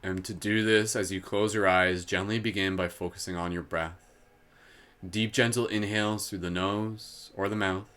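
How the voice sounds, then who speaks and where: A man hosting a live guided meditation, slow and soothing when guiding, giggly and playful between exercises. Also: deep voice, steady tone, a bit bright, smooth. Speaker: meditation host.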